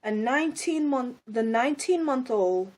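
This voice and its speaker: A woman's voice: a little high, lively intonation, normal speed, darkish tone. A woman speaking in a blunt, scolding monologue, angry and firing off rhetorical questions. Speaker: video commentator.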